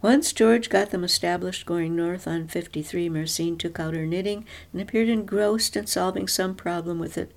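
A woman reads a story aloud in a measured, even storyteller's manner. Her narration moves steadily between the spoken lines. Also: on the low side, creaky.

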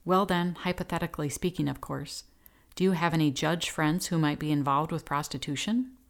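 A woman voicing a polite, sweetly persuasive young woman, in her own low voice. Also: fairly quick. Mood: sweet coaxing. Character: calm sweet-talking young blonde woman.

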